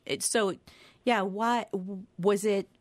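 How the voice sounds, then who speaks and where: A woman's voice: mid-range voice, steady tone, slow pace, no room sound. A woman co-hosting a radio book discussion, enthusiastic and full of praise.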